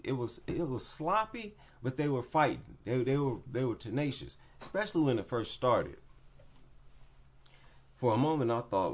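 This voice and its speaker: A man casually breaking down fights in an unhurried, drawn-out delivery. His pitch swings up and down a lot as he gives his opinions. He repeats his main points to drive them home. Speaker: MMA commentator.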